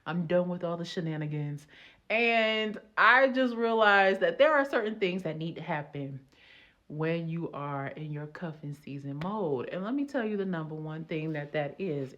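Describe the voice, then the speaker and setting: A woman with a somewhat low voice tells a personal story in an animated, playful way, slipping into teacherly asides. The audio is dull and lo-fi. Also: moderate pace. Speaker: relationship vlogger. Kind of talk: casual storytelling and advice.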